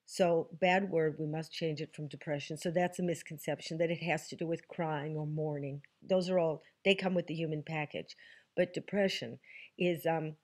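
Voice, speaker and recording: Outdoors in the countryside, a woman hosts a casual to-camera segment answering viewer questions, wry and joking with emphatic asides. Her voice sits low with fairly even intonation at normal speed.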